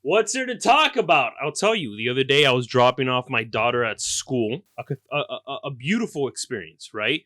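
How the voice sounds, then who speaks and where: A man hosting his podcast, telling a comedic story in a profane, exaggerated rant that keeps bursting into loud outbursts. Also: mid-range voice, lively intonation, normal speed, few pauses, no room sound, clean studio sound. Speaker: podcast host.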